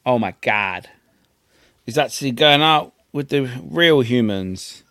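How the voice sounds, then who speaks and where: A man's voice: medium pitch, expressive, takes it slowly, bright, forceful tone, clean tone, no room sound. A man chatting as a podcast co-host from his bedroom, teasing and swearing casually. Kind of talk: casual chat.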